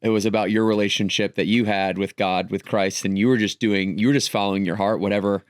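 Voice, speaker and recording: A man's voice: on the low side, level tone, fast talker, no room sound, studio quality. A man hosting a podcast, asking thoughtful, supportive questions. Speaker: podcast host. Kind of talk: interview questions.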